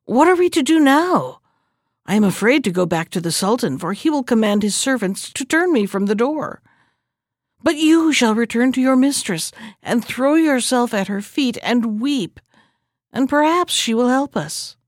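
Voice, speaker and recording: A sly, scheming jester from a storybook, full of cheerful plans, as a woman reader puts him on. The voice sits fairly high and lively, and the recording is dry and close. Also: moderate pace, dry recording. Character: cunning poor male jester, scheming and cheerful. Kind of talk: storybook reading.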